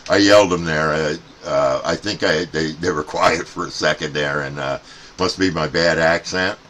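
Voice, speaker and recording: A man from the United States, chatty and loud when calling out, as a CB radio operator testing a radio. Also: very deep voice, steady tone, normal speed, slight background noise. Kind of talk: radio contact chat.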